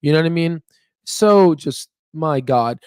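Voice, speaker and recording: A man's voice: fairly high pitch, expressive, unhurried, darkish tone, smooth, no echo, studio quality. A young man hosting a stock market channel, chatting casually and rambling with fillers and laughs. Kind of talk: casual livestream chat. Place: staying in Memphis, Tennessee. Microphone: on Wi-Fi stream.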